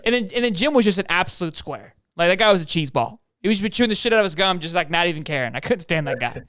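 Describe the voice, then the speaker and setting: A high-voiced man talks fast and excitedly, laughing often as he drifts from point to point. His voice is smooth and clear on a dry, close recording. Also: no room sound. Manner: excitable, laughs a lot, goes off on tangents. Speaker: sports podcast co-host. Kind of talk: casual sports chat.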